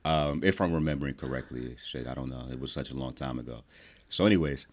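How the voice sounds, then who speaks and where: A man with an extremely deep, low voice chatting casually as a podcast guest. He is laid-back and hesitant, pausing often with "um" and "uh" as he recalls his story.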